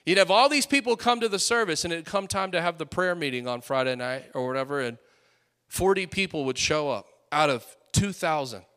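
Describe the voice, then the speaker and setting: A man in his late twenties preaching a sermon with fiery, rising peaks and quieter storytelling asides. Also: on the high side, expressive, a little fast. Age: late 20s.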